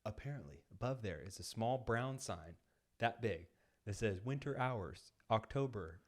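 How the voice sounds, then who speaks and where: A podcast co-host in a studio tells a long, rambling story, using "like" heavily and acting out quoted lines. He has a fairly low voice with lively intonation at a moderate pace, captured on a studio microphone.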